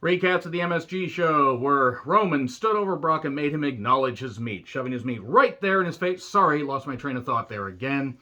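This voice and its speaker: A man in a casual video review of a wrestling show, his voice bright and forceful. He rambles, jokes and curses freely, often drifting into asides before pulling himself back. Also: on the high side, dull audio. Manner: rambling, jokey, swears freely, goes off on tangents.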